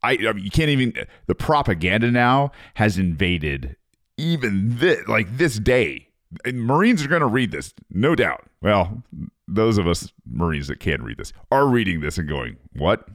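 A man's voice: fairly low pitch, very animated, moderate pace, a bit bright, dry recording, studio quality. A man, a former Marine, reading an article aloud and ranting over it in a profane, sarcastic casual monologue.

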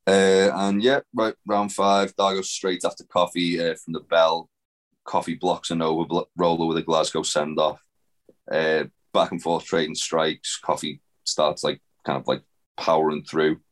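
His voice sits low with little pitch movement at a normal speed as he co-hosts a casual wrestling review podcast. The recap rambles, full of fillers and free swearing.

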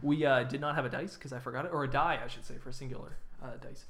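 A man's voice: mid-range voice, fairly even intonation, quick pace, crowd noise. A man co-hosting a podcast, explaining a game in casual chat, self-mocking. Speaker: podcast co-host. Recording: echoey room.

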